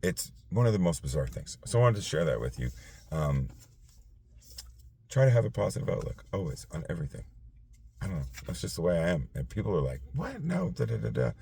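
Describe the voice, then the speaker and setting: Tired man rambling, very low voice. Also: big pitch swings, creaky, dark tone, a little hiss or hum. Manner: rambling, halting with many fillers and restarts. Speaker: podcast host. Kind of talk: casual late-night monologue.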